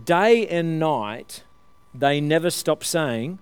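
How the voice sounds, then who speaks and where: A man's voice: fairly high pitch, moderate pace, a little mellow, clear, resonant tone, dry recording. A man preaching a conversational sermon, often restarting his phrases and laughing lightly as he explains.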